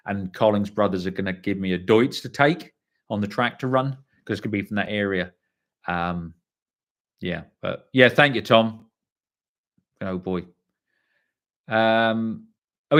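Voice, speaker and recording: A man's voice: fairly low pitch, fairly bright tone. A middle-aged man hosting a live stream, reading viewer comments in a casual, rambling way and swearing freely. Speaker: livestream host.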